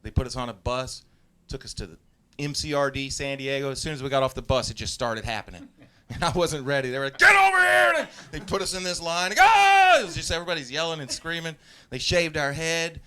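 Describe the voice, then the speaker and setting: A man in his forties from Southeast Texas doing live stand-up, telling stories in a laid-back way, often laughing at his own jokes and breaking into loud yelled impressions. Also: medium pitch, fast, clear, resonant tone. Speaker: stand-up comedian. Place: live comedy stage.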